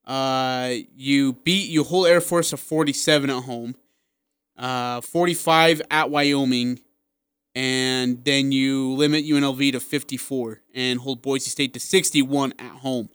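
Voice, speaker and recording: A man with a slight lisp co-hosting a sports talk radio show, animated and piling up examples in quick bursts. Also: medium pitch, clear, resonant tone, no echo. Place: radio studio.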